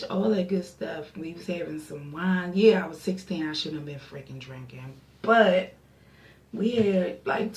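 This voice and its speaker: A young woman vlogger telling a casual story, animated and acting out her friends' voices. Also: on the low side. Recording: roomy echo, distant mic.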